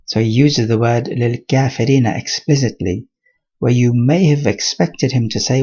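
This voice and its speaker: Male Quran teacher, husky voice, steady explanatory lesson, dull lo-fi sound. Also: mid-range voice. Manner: measured explanatory delivery mixing Arabic terms.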